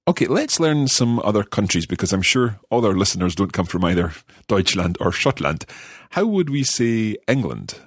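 Deep-voiced man from Scotland, learning German. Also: sing-song, normal speed, breathy edge, dry recording, studio quality. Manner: curious, asks follow-up questions. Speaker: learner co-host. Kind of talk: language lesson dialogue.

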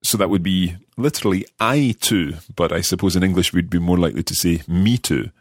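A man's voice: deep voice, a little fast, no echo, clean studio sound. A man from Scotland taking part in a language lesson as the learner, asking curious follow-up questions. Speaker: learner co-host.

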